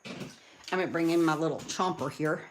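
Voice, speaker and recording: A woman's voice: deep voice, normal speed, slight background noise. Chatty woman doing a live card demo. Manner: chatty, excitable, talks to viewers while working. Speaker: card-making demonstrator and team leader. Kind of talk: live crafting demo chat.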